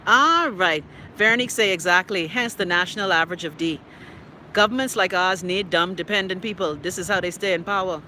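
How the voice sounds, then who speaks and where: A woman's voice: on the low side, brisk, bright, forceful tone, slight background noise. A middle-aged woman with a Bahamian accent hosting a live talk show. She rants in a brash, profane way and teases her viewers by name. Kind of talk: casual live-stream rant.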